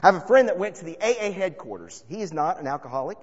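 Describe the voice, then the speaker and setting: Male preacher, storytelling sermon, lively pitch, slightly high voice, long hall echo, dull sound. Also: fast talker, breathy edge. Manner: animated, swings between loud and hushed.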